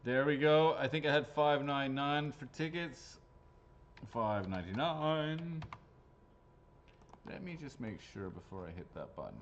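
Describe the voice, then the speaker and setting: A man hosts a live prize draw in loose, rambling chat full of crude jokes. His voice sits at an ordinary middle pitch. The audio is a little dull and lo-fi. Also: animated, moderate pace, hardly any pauses, a little hiss or hum. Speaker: raffle host. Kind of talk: casual live-stream chat. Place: his golf shop or driving range.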